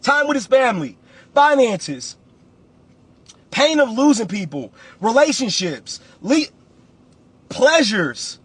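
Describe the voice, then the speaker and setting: A man's voice: very high-pitched, sing-song, slow, pauses often, husky, no echo. A man, a real estate coach giving a blunt, preachy motivational talk on a livestream and repeating phrases for emphasis.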